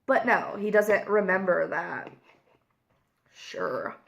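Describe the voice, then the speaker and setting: Young woman vlogger, slow and candid, emotional storytelling with lots of fillers. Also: mid-range voice, very animated, gravelly, highs cut off. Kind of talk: casual confessional vlog while eating.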